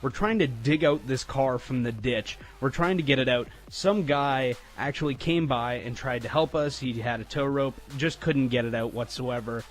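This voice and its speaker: A man's voice: medium pitch, normal speed, hardly any pauses. A young man from Canada telling a story to his viewers, rambling with lots of fillers and frequent laughter. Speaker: storytime vlogger. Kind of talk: casual storytelling.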